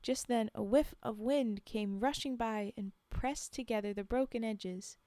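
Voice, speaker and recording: A woman's voice: a little high, measured pace, mellow, no echo. A woman streamer reading folktales aloud on a live stream, breaking off for laughing asides to her chat. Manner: laughing asides to chat between read passages.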